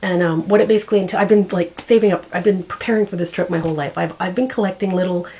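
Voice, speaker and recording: A woman's voice: lowish voice, racing, dark tone, rough recording. A woman in her forties chatting casually to the camera, rambling and often searching for words. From Canada. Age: 40s. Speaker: vlogger.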